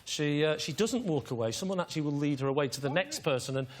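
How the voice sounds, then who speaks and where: A man's voice: a little high, animated, quick pace. A male comedian guest on a chat show, teasing and mock-exasperated. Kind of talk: comic chat show banter. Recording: loud studio audience and noise.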